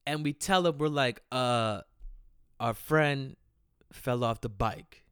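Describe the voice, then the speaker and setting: A man's voice: medium pitch, slow pace, a bit bright, smooth, dry recording, studio quality. A young man telling funny personal stories in a casual, slangy way, laughing often and repeating himself. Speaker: storyteller. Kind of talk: casual storytelling.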